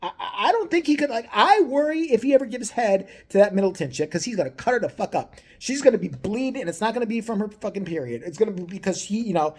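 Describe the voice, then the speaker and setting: A woman rants on her vlog in a crude, mocking comic style, swearing freely. Her pitch swings widely from low mutters to high bursts. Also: fast, hardly any pauses, husky. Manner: profane, animated, mocking. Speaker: vlogger. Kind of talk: crude comedic rant.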